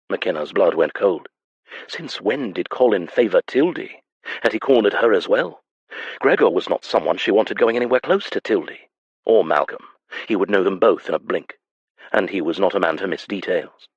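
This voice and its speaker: A man reading a historical romance audiobook in a measured, even manner. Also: deep voice, husky, no room sound, lo-fi sound. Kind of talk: scripted audiobook narration.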